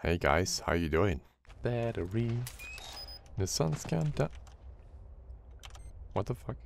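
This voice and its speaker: A man giving casual let's-play commentary on a horror game, with a deep voice, swearing often and talking to himself as he plays. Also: big pitch swings, takes it slowly, gravelly, a little hiss or hum. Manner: swearing, jumpy, talks to himself. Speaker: gaming YouTuber.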